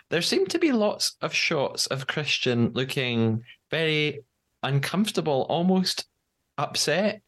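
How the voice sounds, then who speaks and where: A podcast host who mostly listens with short replies and asks long, careful questions. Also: mid-range voice. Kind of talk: interview.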